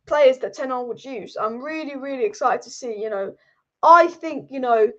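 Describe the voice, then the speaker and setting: A woman hosts a live fan stream from home, chatty and excitable, circling back over the same points. Her voice sits high, and the stream audio is dull and lo-fi. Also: moderate pace. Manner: excitable, rambling, repeats herself. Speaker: fan livestream host. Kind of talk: live fan commentary chat. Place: sitting at home.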